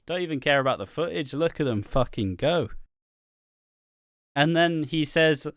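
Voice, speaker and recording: A man's voice: on the high side, lively intonation, normal speed, long pauses, a bit bright, dry recording, studio quality. A young man co-hosting a casual wrestling review podcast, swearing a lot and laughing often. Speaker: podcast co-host.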